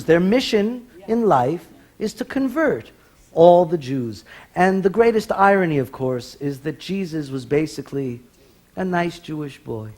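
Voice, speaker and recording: A man's voice: a little high, a little mellow. A man performing live stage comedy in a TV studio, telling jokes with careful punchline timing.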